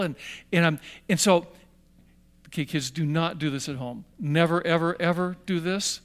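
An older man with a slightly high voice tells young listeners a story from his own life at an ordinary pace. He's animated, putting on the voices of the people in it.

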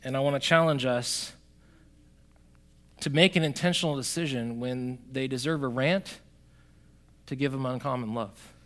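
A man preaching a sermon, talking straight to the congregation, swinging from loud emphatic bursts to quiet, soft lines. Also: mid-range voice, normal speed, pauses often. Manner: conversational, addresses the congregation directly. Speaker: pastor.

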